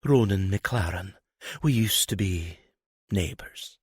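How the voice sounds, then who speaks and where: A man voicing a malicious Scottish noblewoman with a husky voice and a snide, drawling manner. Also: low-pitched, animated, slow, no echo, studio quality, exaggerated voice. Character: malicious red-haired Scottish lady, mocking and sly.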